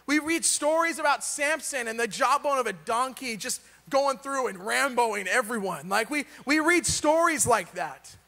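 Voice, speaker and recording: A man's voice: extremely high pitch, expressive, moderate pace, hardly any pauses, sharp tone, in a large hall. A man preaching a sermon in a casual, joking way, full of rhetorical questions.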